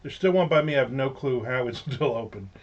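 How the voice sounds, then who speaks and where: On a relaxed livestream, a middle-aged man at home with the windows open spins rambling stories with jokey asides. His medium-pitched voice has lively intonation and a fairly quick pace, and the slightly dull lo-fi recording carries a little hiss or hum.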